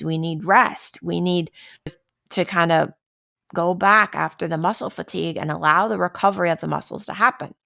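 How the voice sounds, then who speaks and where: Her voice sits on the low side, gravelly yet fairly bright, as she hosts a casual wellness podcast. Chatting conversationally, she acts out everyday stress scenes and often asks "right?"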